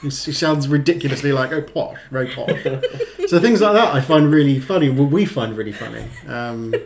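A man chatting casually, amused and lightly teasing, with some halting restarts. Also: mid-range voice, a little hiss or hum. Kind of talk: casual chat.

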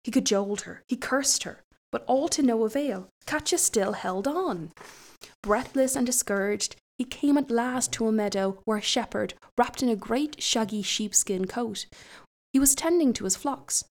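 A woman's voice: on the high side, normal speed. A woman reading a folk tale aloud, breaking off now and then for chatty asides. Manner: chatty asides between passages. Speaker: storyteller.

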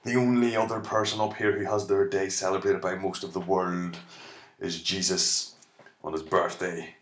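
A man with an Irish accent voicing a boastful male saint who brags in a slow, self-satisfied way. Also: low-pitched, flat delivery, slight background noise, close to an everyday voice. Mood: smug. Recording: echoey room.

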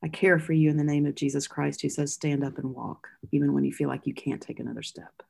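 Low gravelly woman, reflective pastor. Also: little pitch movement. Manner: thoughtful, halting, with soft laughs. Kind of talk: reflective storytelling.

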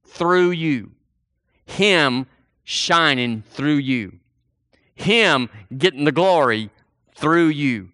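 A male preacher delivers a fervent sermon and keeps circling back to the same phrases. His voice is bright and forceful. It sits a little high, and the sound is close and dry. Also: animated, drawn-out words, pauses often, dry recording. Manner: fervent, repetitive preaching with call-and-response.

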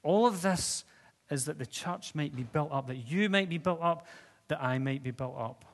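A man with a slightly high voice and a moderate pace preaches a sermon in a church hall with seats. He talks conversationally and puts questions to the congregation, and the recording has the long reverb of the hall.

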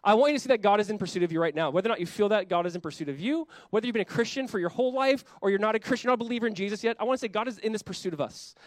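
Man, pastor, sermon, high voice, dry close sound, impassioned. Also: lively intonation, no echo. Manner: impassioned, voices God in quick quoted asides.

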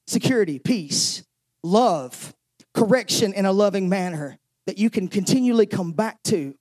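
A man preaching a sermon as pastor, openly emotional, often stumbling over and repeating words as he presses his point. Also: high-pitched.

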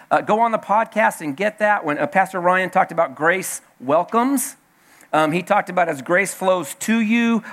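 A man preaching as a church elder, with a high, bright voice that stands out. He talks to the congregation in a folksy, joking way. He stumbles, restarts and repeats his key lines as he goes. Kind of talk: sermon.

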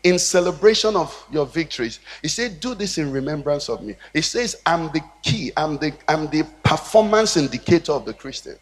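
A man's voice: fairly high pitch, animated, moderate pace, few pauses. A man with a Nigerian English accent, a pastor preaching a sermon with a rhythmic cadence and call-and-response questions to the congregation. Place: church hall. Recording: long reverb of a church hall.

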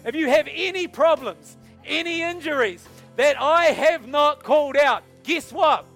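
A man, a pastor, leading an altar call and prayer in a church service, hushed at times and urging at others. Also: very high voice, a little slow, vocal fry, soft background music. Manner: soft and hushed while praying, rising to loud urging. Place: church service with music behind.

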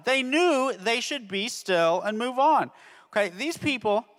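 A ministry teacher tells children a Bible story, checking in constantly with "okay?" His very high, fairly bright voice has lively intonation and an unhurried pace, echoing with the long reverb of a hall.

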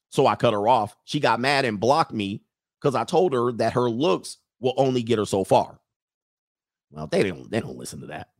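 Recorded in a clean studio with no room sound, a man with a mid-range voice hosts a live stream. He reads comments from viewers out loud and riffs on them, keeping it loose and jokey while talking straight to the chat in casual commentary.

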